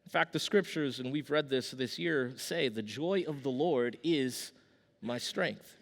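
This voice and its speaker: A man's voice: mid-range voice, measured pace, creaky. A preaching man in a reverberant hall. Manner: conversational storytelling with restarts and Southern "y'all". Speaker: pastor. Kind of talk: sermon. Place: church sanctuary with long reverb. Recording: long hall reverb from a church.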